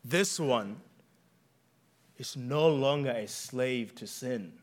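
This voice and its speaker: A man with a noticeable accent preaching a sermon, earnest and emphatic, repeating key phrases for weight. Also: mid-range voice. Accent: non-native English accent. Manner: earnest, emphatic with deliberate repetition.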